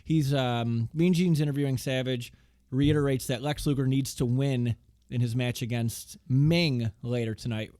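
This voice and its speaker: A man's voice: medium pitch, fairly even intonation, moderate pace, mellow, no echo, clean studio sound. A man in his thirties co-hosting a casual podcast, rambling with lots of fillers and casual swearing. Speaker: podcast co-host. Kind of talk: casual chat recapping wrestling.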